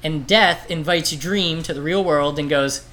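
A man's voice: fairly high pitch, measured pace, sharp tone, slight background noise. A man casually retelling a comic story on a podcast, rambling, swearing and acting out the voices. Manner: rambling, profane, acts out quoted voices. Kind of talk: casual chat.

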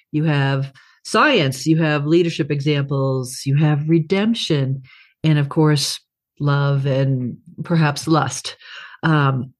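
A woman hosting an interview, asking an author curious questions over a video call. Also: low-pitched. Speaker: interview host. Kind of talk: casual interview chat.

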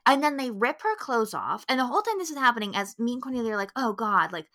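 A woman's voice: a little high, sing-song, fast talker, fairly bright tone. A woman co-hosting a film podcast, ranting emphatically with lots of swearing. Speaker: podcast co-host. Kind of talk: casual film review chat.

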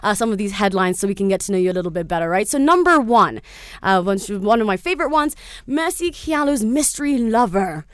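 A woman's voice: mid-range voice, animated, fairly quick, fairly bright tone, clear, resonant tone, dry recording, clean studio sound. Upbeat woman radio host. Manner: upbeat, breezy presenter patter. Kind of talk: radio show interview. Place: radio studio.

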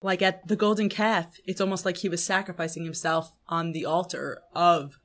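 A woman's voice: on the low side, steady tone, normal speed. Thoughtful woman thinking aloud. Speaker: podcast co-host. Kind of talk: conversational Torah study discussion.

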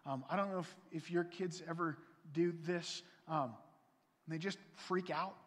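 A man preaching a sermon as pastor, earnest and pleading, his voice swelling louder and then dropping soft. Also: a little high, a little slow. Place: church sanctuary. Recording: long reverb from a church hall.

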